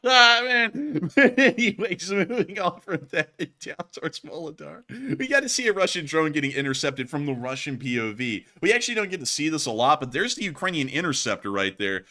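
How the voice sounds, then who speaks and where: A man's voice: a little high, big pitch swings, a little fast, pushed and bright. A man co-hosting a casual war news stream, talking energetically and joking, with lots of "man" and "like". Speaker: co-host.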